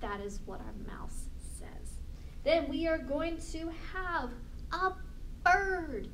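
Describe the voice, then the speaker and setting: A woman librarian leading a storytime for young children, talking in an animated, exaggerated sing-song way. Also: very high voice, takes it slowly, a little hiss or hum.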